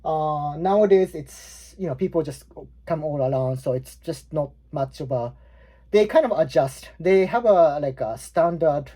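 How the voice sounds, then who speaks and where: A man in his forties with a Japanese accent gives a casual, explanatory language lesson that rambles, with plenty of fillers and restarts. His voice is on the high side, expressive and mellow, and he takes his time.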